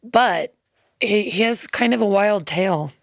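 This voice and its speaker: A woman's voice: mid-range voice, a little slow, gravelly, no room sound. A woman musician, a guest in a radio studio, telling a heartfelt story in a chatty, loose way full of ums and quoted asides. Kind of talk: casual interview storytelling.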